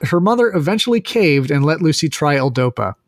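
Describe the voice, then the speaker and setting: A man with a fairly high voice narrates a story for his co-hosts in a relaxed, chatty way. He hedges and fills his sentences with "like" as he goes. The sound is close and dry, with no room around it. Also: a little fast, no echo. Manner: casual, hedging, with frequent "like". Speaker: podcast host telling the story. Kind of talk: casual storytelling chat.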